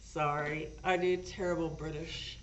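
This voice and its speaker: A woman's voice: low voice, moderate pace, very noisy. A woman co-hosting a reaction video, chatting casually and leading the conversation. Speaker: co-host of a reaction channel. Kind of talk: casual chat. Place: home studio. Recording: roomy, distant and dull-sounding.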